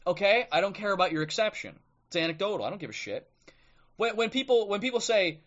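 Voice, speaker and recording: Blunt, combative livestream host. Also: male voice, sits high, animated, fast, a bit bright, lo-fi sound. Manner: blunt, combative, repeats "okay?". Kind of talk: ranting live commentary and book reading. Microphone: streaming microphone.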